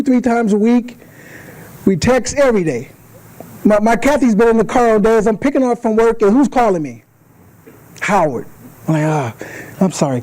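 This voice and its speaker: A man's voice: high-pitched, rough recording. A man giving a speech to a club, telling stories and acting out the voices of the people in them. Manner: animated, acts out voices in his stories. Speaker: guest speaker. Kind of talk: storytelling speech. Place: meeting hall.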